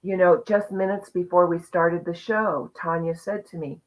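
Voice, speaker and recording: A woman hosting a live online conversation, sharing a personal journey in an earnest, reflective, expressive way over a video call. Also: fairly low pitch, moderate pace. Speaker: host. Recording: muffled lo-fi audio.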